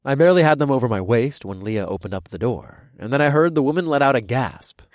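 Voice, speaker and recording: A man narrating a first-person story with an expressive, lively read, his pitch moving a lot. The recording is dry and close, with no room echo at all. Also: fast. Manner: expressive, animated reading. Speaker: audiobook narrator.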